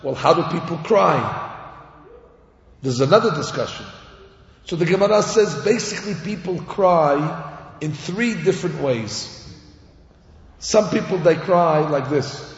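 A man's voice: on the high side, lively intonation, a little slow, pauses often. A man preaching a storytelling sermon, acting out characters and crying sounds as he teaches. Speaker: rabbi or Torah teacher. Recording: echoey hall, dull lo-fi sound.

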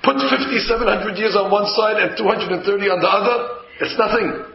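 A man's voice: sits high, brisk, crowd noise. A man teaching a Torah class in sermon style, telling stories and acting out a flustered husband. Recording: echoey, dull lo-fi room recording.

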